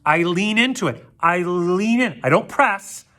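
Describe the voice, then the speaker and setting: A fairly high-voiced man leads a children's string lesson on video, playful and energetic. He counts the class through drills and demonstrates as he goes, with faint plucked strings underneath. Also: measured pace, faint music behind. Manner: jokey, playful asides to kids. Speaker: orchestra teacher. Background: plucked string instrument demonstrations.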